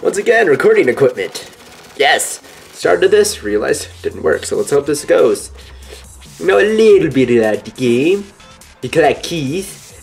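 A man's voice: on the high side, sing-song, measured pace, creaky, soft background music. A man doing goofy let's-play commentary, playful and joking. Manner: goofy, playful, drops into silly voices. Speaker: gaming YouTuber.

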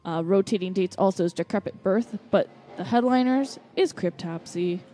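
A woman's voice: mid-range voice, moderate pace, dark tone. A young woman, co-hosting a podcast and reading out show announcements in a chatty, upbeat way. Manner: chatty, upbeat, stumbles over band names. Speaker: podcast co-host.

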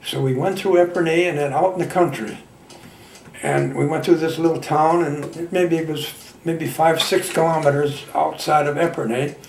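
A man in his nineties from Michigan, a veteran telling his war memories in a halting, folksy way with plain colloquial grammar. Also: a little high, fairly even intonation, gravelly, roomy sound, recorded from a distance, a little hiss or hum. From Michigan, United States. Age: 90s. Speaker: veteran interviewee. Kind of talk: oral history reminiscence.

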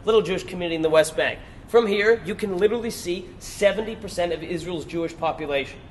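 A man's voice: sits high, fast, a little hiss or hum. A man giving a persuasive workshop lecture, asking his audience rhetorical questions and repeating points for emphasis. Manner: emphatic repetition. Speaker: workshop presenter.

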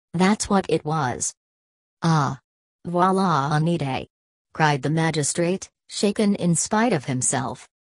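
Woman narrator, low pitch, dry close studio sound, steady reading of a mystery novel. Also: no echo. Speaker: audiobook narrator.

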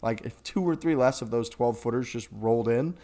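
A man co-hosting a golf podcast, talking in a rambling, profane, animated way about the tour. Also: mid-range voice, a little fast. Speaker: podcast co-host. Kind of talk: casual golf podcast chat.

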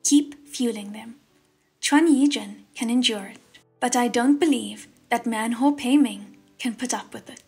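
A crude, arrogant young ghost king, played by a woman reader in an audiobook, drawling out his mockery in a slow sneer. The voice is husky and fairly high, with faint music underneath. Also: a little mellow, full character voice.

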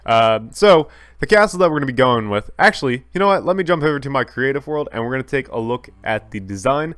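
A man's voice: mid-range voice, animated, fast talker, a bit bright, no room sound. A man giving casual, chatty commentary over his own gameplay, talking straight to viewers and correcting himself as he goes. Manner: jokey, talks straight to viewers. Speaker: gaming YouTuber.

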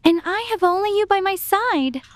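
This is a woman performing a very high, squeaky voice for a dramatic, fake-innocent young woman who gushes and craves attention in a storytime cartoon. The delivery is expressive and moderately paced, with no room sound.

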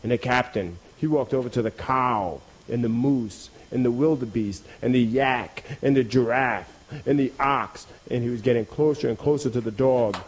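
A man telling a folk tale in a rhythmic, repetitive, expressive storytelling style. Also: medium pitch, moderate pace, few pauses, breathy edge.

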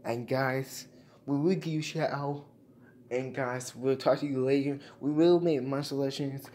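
A young YouTuber with a warm, medium-pitched voice speaks a little slowly and fairly evenly, with slight background noise. Addressing his subscribers casually, he grows emotional and thanks them repeatedly, saying "guys" again and again.

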